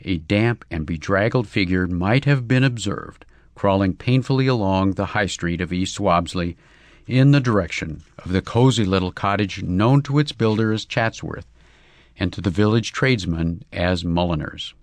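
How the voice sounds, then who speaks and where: A man narrating a comic story in a measured, wry reading. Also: low-pitched, no room sound.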